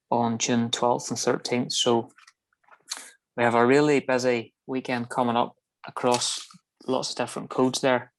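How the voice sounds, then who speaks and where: A man co-hosts a motorsport podcast in relaxed, casual chat. He rattles through the news briskly, rambling a little and leaning on fillers as he goes. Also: mid-range voice.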